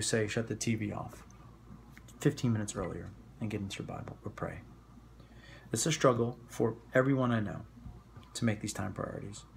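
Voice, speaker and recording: Gravelly New York man giving a devotional talk. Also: lowish voice, slight background noise. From New York area. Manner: conversational and reflective, with asides and rhetorical questions. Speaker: Christian speaker. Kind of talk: informal devotional message.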